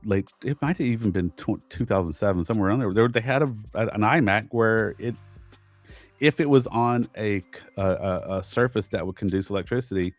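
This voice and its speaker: A podcast co-host with a voice on the low side recounts a frustrating story in casual chat, animated and exasperated, frequently restarting his sentences. There's no room sound.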